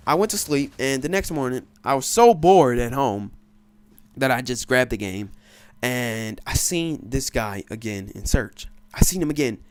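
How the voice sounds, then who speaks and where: A man's voice: fairly high pitch, no echo. A man doing casual gameplay commentary, boastful and swaggering, swearing freely and laughing at his own stories. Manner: profane, laughing storyteller. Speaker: gaming commentator.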